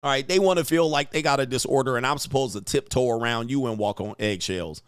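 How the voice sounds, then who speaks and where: Casting: brash, loud male stream host, profane, quick to laugh, dry close mic. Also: mid-range voice, clean tone, no echo. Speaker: online talk show host reading chat. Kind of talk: casual live-stream commentary.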